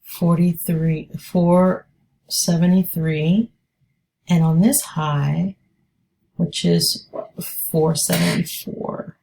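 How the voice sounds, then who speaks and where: A woman giving live trading commentary, thinking aloud in a slow, unhurried way. Her voice sits fairly low and has a gravelly fry to it. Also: steady tone, dark tone, slight background noise. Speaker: day trader.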